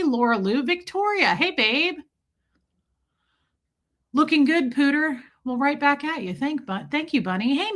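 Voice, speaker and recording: Woman, middle-aged, livestream host, bright slightly high voice, chatty, greets viewers by name.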